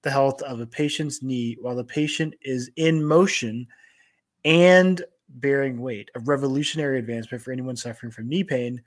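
A man co-hosting a sports technology podcast, talking in a relaxed, loose way full of fillers. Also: mid-range voice, normal speed. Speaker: podcast co-host. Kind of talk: casual sports tech chat.

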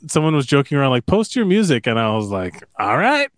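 A man's voice: mid-range voice, sing-song, fast talker, no echo, studio quality. A young man hosting a casual podcast, chatting loosely with slang while reacting to an old video. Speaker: podcast host.

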